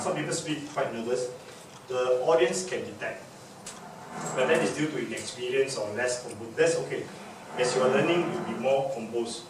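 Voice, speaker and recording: A man giving a public speaking workshop lecture, emphatic and demonstrative, repeating key words to drive them home. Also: mid-range voice. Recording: very echoey room, distant mic, background noise.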